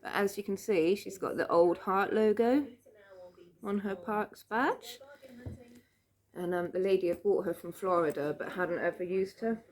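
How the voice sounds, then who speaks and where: A British woman vlogger shows off her handbag collection in a casual home video filmed in a room of her house. Her mid-range voice is a little slow, and her chatty, rambling talk is full of fillers and small laughs.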